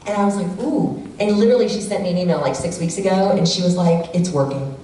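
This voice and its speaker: Middle-aged woman, workshop presenter, low mellow voice, animated storyteller; recorded far off in an echoey hall. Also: very fast. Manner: animated storyteller who acts out quoted family members. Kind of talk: community workshop talk with personal stories. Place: church hall. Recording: echoey hall from far off, faint room noise.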